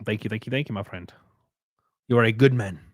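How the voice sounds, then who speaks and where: A man's voice: on the low side, brisk, no room sound, studio quality. A man from Alabama with a Southern accent, chatting casually and profanely on a live stream while reading chat aloud. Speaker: streamer host.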